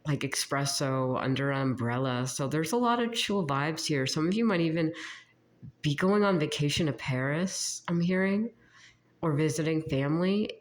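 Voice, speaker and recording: In a mid-range voice that sounds sick, a psychic reader gives a casual channeling session. She speaks haltingly and drifts from point to point, with lots of giggles.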